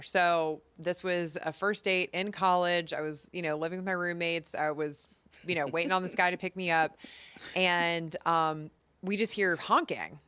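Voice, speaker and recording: A woman in her thirties co-hosting a casual talk show, telling stories with lively acted-out quotes. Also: lowish voice, clean tone. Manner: animated storyteller, acts out quotes. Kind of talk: casual chat.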